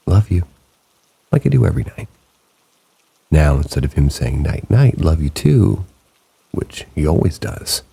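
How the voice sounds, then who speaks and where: Super deep gravelly guy reading spooky stories slow and hushed, rain falling behind. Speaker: narrator reading submitted stories. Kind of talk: scripted narration of stories.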